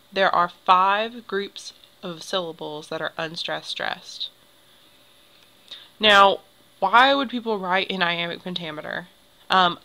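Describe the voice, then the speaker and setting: A woman's voice: fairly low pitch, pushed and bright, poor audio. A young woman teacher explaining poetry to a class, patient and step by step. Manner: explains patiently, draws symbols while talking.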